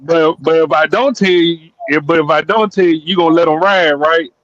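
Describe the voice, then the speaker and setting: A man hosts a relaxed online panel, ribbing his guests with easy jokes. His voice sits fairly high. The sound is dry, close and slightly dull. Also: a little fast, dry recording. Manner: teasing, loose and joking. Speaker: podcast host. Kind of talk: casual panel chat.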